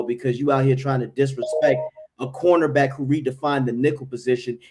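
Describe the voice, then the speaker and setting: A man's voice: medium pitch, darkish tone. An American man hosting a fan sports talk show, brash, hyped and profane. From United States. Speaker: show host.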